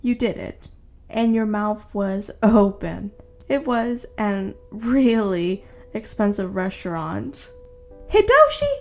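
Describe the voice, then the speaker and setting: A woman narrating her own second-person fan fiction in a plain, steady reading voice. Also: mid-range voice, slow, vocal fry, faint music behind.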